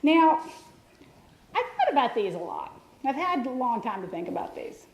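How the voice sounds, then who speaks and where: A woman speaking at a church gathering, talking about loss with wry, self-mocking humor and halting restarts. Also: high-pitched, sing-song, highs cut off, noisy background. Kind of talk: personal talk mixing humor and grief. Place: church hall. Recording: echoey hall.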